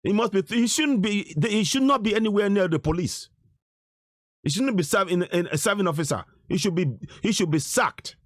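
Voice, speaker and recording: A man's voice: high voice, lively intonation, normal speed, no room sound, clean studio sound. A middle-aged man giving indignant commentary over video footage, insisting and repeating himself. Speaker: activist commentator.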